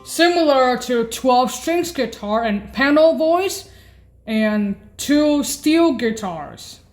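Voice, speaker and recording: Woman keyboard teacher, very slow and halting, pitched a bit high, keeps correcting herself. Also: expressive, darkish tone, soft background music. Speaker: keyboard instructor. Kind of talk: casual keyboard demonstration.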